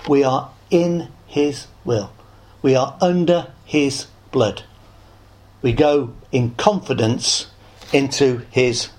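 A man preaching an evangelistic sermon, earnest and pleading, lifting his voice on key words and dropping low and soft at the close of phrases.

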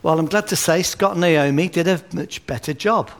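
A man preaching a sermon with gentle humor and anecdotes, at a baby's naming. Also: fairly high pitch, moderate pace. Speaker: pastor. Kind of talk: sermon at a baby dedication.

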